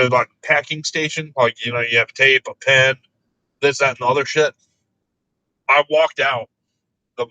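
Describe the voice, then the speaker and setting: A man telling crude work stories in casual chat, laughing often and delivering his own quoted replies deadpan. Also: mid-range voice, dry recording, rough recording.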